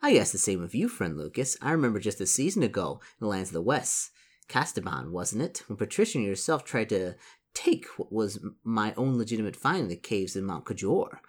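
Man putting on an oily fake-friendly rival adventurer, bouncy pitch. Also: very animated, a little fast. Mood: smarmy.

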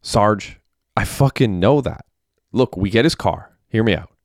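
A man's voice: on the low side, animated, unhurried, no echo, clean studio sound. A man doing an eager, scheming young ex-soldier.

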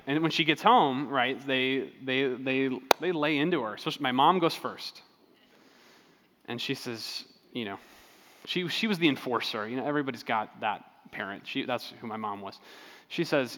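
A man preaching a sermon in a relaxed, conversational way, telling stories with frequent fillers and restarts. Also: medium pitch, moderate pace, in a large hall. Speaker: pastor.

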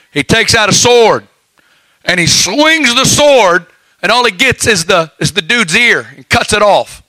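Guy preaching, high bright voice, folksy storyteller, dry sound. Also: measured pace, no room sound, low-quality recording. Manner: folksy storytelling with lively asides. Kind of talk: sermon.

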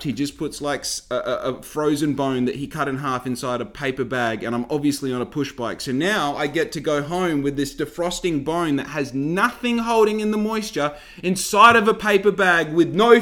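A man's voice: on the high side, normal speed, hardly any pauses, fairly bright tone. A man telling a story as a heated, exasperated rant full of swearing.

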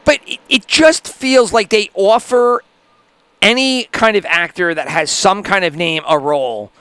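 A man co-hosting a podcast, chatting casually in an animated, wordy way. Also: high-pitched, unhurried, smooth, dry recording. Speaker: podcast co-host. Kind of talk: casual chat.

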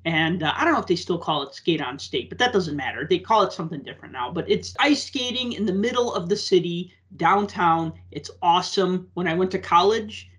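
A man co-hosting a casual podcast, telling a story with lively asides and acting out the people in it. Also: high voice, fairly quick, few pauses. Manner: animated storyteller, acts out quoted voices. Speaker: podcast co-host and teacher.

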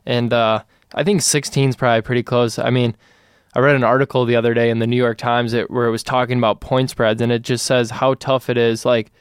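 A man talks through basketball picks in a relaxed, wry way. His voice is smooth and clear, at a middle pitch. It is recorded on a close, dry mic. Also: fairly quick, dry recording. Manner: easygoing, wry, laughs along. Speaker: podcast co-host. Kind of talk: casual sports chat.

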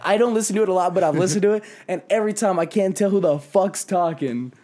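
Young male podcast host, higher-pitched, lively and profane in loose banter. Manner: animated, swearing, quick to mimic others. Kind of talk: casual chat.

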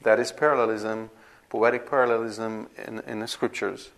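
A man's voice: on the low side, flat delivery, normal speed, fairly bright tone. A man teaching a class on scripture, explaining patiently and often asking "right?" to check the listeners are following. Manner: explanatory, repeats himself with frequent "right?" checks and restarts. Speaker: Bible teacher. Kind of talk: classroom lecture.

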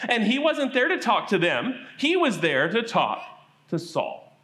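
A man telling a Bible story at a children's church service, animated and asking the kids questions. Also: sits high, unhurried.

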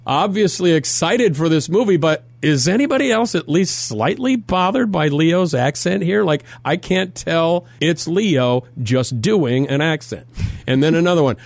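A man's voice: a little high, lively intonation, measured pace, gravelly, dry recording. Chatty man co-hosting morning radio. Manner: chatty, jokey, reads listener comments aloud. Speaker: radio morning show co-host. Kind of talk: casual radio banter.

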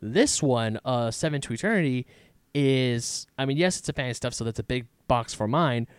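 A man's voice: mid-range voice, lively intonation, moderate pace, smooth, no echo. A man co-hosting a casual podcast chat, who explains his views thoughtfully and at length.

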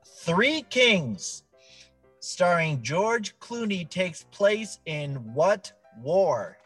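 A man co-hosting a casual podcast reads quiz cards in a playful, jokey, animated way. His voice is high-pitched and he draws out his words, with soft music playing in the background.

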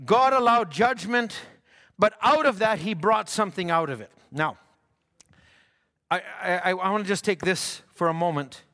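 A man preaching a fervent sermon in a church, stammering through restarts and rising into shouts. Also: high voice, moderate pace. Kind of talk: impassioned sermon. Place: church hall. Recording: long hall reverb.

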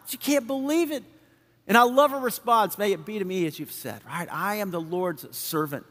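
A man's voice: high voice, big-room sound. A male pastor preaching a conversational sermon, often acting out the people in the story. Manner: conversational, animated, acts out quoted figures.

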